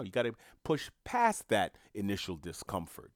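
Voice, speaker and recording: A man's voice: fairly low pitch, moderate pace, dry recording, clean studio sound. A man delivering a motivational monologue, emphatic and repetitive, in a coaching tone. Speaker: motivational speaker.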